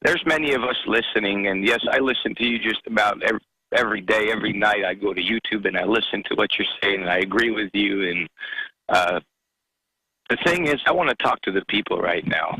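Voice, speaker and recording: A man's voice: on the low side, sharp tone, slightly rough, no room sound, low-quality recording. A man calling in to a talk radio show, a truck driver speaking earnestly and with passion, stumbling over his words. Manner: earnest, impassioned, halting.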